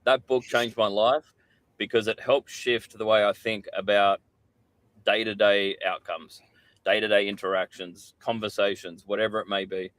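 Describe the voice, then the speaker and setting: A man's voice: on the low side, fairly even intonation, moderate pace, fairly bright tone, dry recording. A middle-aged Australian man, a podcast guest, telling candid stories in casual chat and swearing freely.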